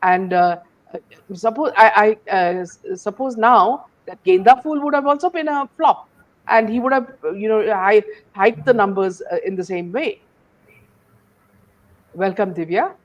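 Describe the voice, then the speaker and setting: A woman's voice: mid-range voice, unhurried, muffled recording. A woman hosting an opinionated commentary chat, talking in a scornful, rambling way full of "you know" fillers. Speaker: host.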